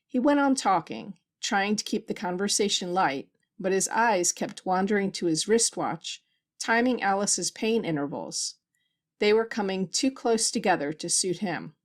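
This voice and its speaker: A woman reading a science fiction story aloud as an audiobook narrator, with a steady, even delivery. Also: mid-range voice, measured pace. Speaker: audiobook reader.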